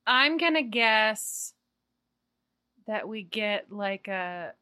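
A woman on a casual podcast panel, speaking in slow, halting phrases. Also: mid-range voice, lively intonation, pushed and bright, smooth, no room sound, studio quality. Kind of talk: casual chat.

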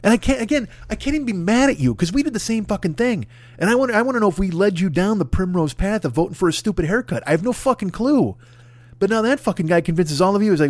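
A man's voice: high voice, expressive, quick pace, no room sound. A man ranting on a comedy podcast, profane and rambling, riffing as he goes. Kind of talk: comedic rant.

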